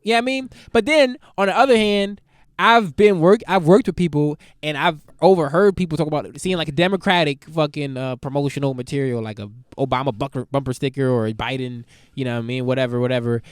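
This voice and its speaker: A man's voice: high voice, clear, resonant tone, dry recording, clean studio sound. A man hosting a solo comedy podcast, rambling and profane in a laid-back way. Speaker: podcast host.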